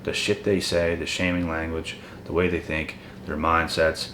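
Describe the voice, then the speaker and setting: Speaking in a deep, pushed, bright voice with little pitch movement, a man runs a motivational channel and delivers a ranting monologue at a moderate pace. It is blunt, profane, and confrontational, aimed right at viewers, in an echoey room with faint noise.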